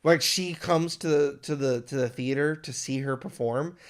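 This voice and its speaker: A young man co-hosting a casual film review chat, excitable and acting out imagined lines of dialogue. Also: medium pitch, moderate pace. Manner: excitable, acts out imagined dialogue, many restarts. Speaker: podcast co-host.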